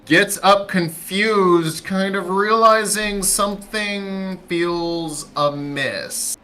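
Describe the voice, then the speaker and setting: A man's voice: high-pitched, very slow, sharp tone, slight background noise. A man narrating as dungeon master for a tabletop game, loose with fillers.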